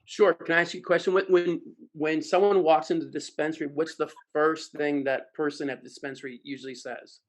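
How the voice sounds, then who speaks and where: A man, a sales trainer, telling a self-mocking story in a playful, animated way during a video call Q&A. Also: a little high, fairly quick, hardly any pauses. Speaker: sales trainer speaking at an online expo.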